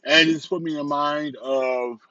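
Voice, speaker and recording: A man with a slightly high voice talks through a casual vlog review, circling back and repeating himself as he goes. He is from the south suburbs of Chicago. The recording is dry and a bit muffled. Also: steady tone, unhurried, sharp tone, no room sound. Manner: candid, rambling, repeats phrases, restarts often. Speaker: vlogger and entrepreneur.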